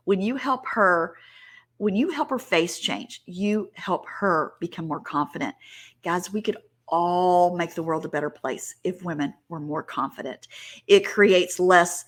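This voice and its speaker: A woman's voice: fairly low pitch, unhurried. A middle-aged woman giving a heartfelt personal talk, chatty and earnest, getting choked up and trailing into restarts. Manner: chatty, with filler words and restarts. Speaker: sales director giving a talk.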